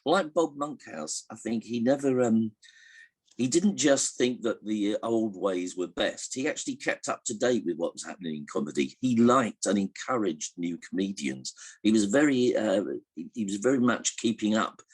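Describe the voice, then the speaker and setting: Older man, low husky voice, rambling anecdotal interview answers. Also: expressive, normal speed, a little mellow. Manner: hesitant, many restarts, chuckles while telling jokes. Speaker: interviewee recalling a comedian.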